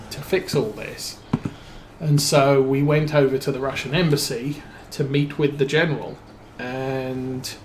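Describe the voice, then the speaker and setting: Slow, rambling man in an echoey room. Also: mid-range voice, a little hiss or hum. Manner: rambling, hesitant, many fillers and restarts. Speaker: streamer. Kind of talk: casual storytelling while playing a farming game.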